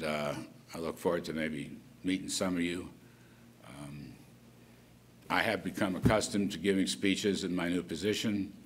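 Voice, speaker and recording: A man's voice: sits low, slight background noise. Older man rambling through a folksy policy speech. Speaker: government economic official. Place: conference hall at an event.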